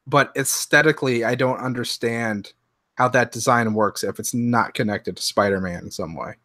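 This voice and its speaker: A man co-hosting a podcast in casual chat, animated, acting out reactions and often restarting his sentences. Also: mid-range voice, normal speed, no echo, clean studio sound. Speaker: podcast co-host.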